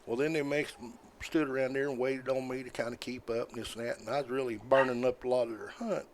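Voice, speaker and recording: An older man, a podcast guest telling stories in a folksy, rambling way, often halting with fillers. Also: medium pitch, steady tone, a little hiss or hum. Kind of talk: casual storytelling.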